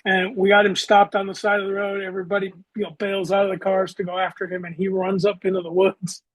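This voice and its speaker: Husky high-voiced man telling stories. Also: completely flat delivery, fast talker, no room sound, poor audio. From Southeastern United States. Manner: matter-of-fact, vivid storyteller. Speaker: guest, former traffic police officer. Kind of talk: interview storytelling.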